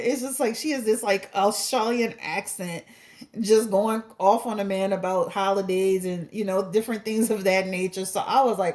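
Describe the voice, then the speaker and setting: A woman's voice: medium pitch, normal speed. Chatty woman gossiping. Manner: chatty, animated, laughing asides. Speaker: tarot reader and channel host. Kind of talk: casual gossip chat before a tarot reading.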